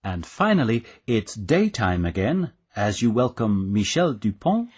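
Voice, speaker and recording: A man narrating a language course, guiding the listener with steady, scripted explanations. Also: fairly low pitch, measured pace, slightly rough.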